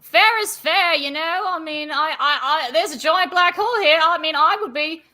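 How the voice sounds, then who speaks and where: A woman voicing a sweaty, balding dwarf mall cop who frets and rambles. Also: moderate pace. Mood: flustered. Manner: fretful, rambling, high and loud.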